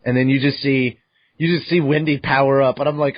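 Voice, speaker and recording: Animated man recapping a manga chapter. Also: medium pitch, a little fast, dry recording, muffled recording. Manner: animated, acts out his own reactions, swears freely. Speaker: podcast host. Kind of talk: casual manga recap chat.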